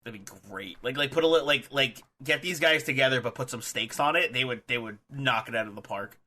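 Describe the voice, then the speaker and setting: A young man co-hosts a casual podcast chat, excitable and quick to laugh, swearing freely. His voice is very bright and ringing, set at an ordinary middle pitch. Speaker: podcast co-host.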